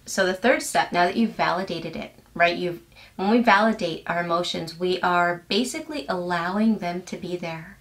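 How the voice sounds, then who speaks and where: A young adult woman life coach giving a self-help lesson to camera in a gentle, earnest, measured way. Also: fairly low pitch.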